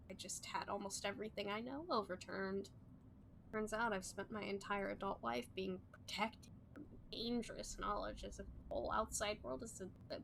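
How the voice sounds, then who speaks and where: A woman's voice: medium pitch, creaky, a bit bright, slight background noise. A woman reading as an anxious young male researcher.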